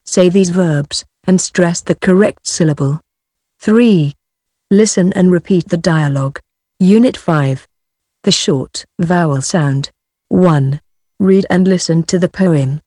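A woman narrating a pronunciation textbook's audio, reading instructions slowly and deliberately. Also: on the low side, warm tone, breathy edge, dry recording, studio quality.

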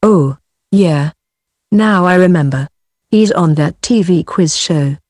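A woman's voice: on the low side, takes it slowly, a little mellow, no echo, studio quality. A woman reading the lines of a boy in a textbook dialogue, in a plain reading voice.

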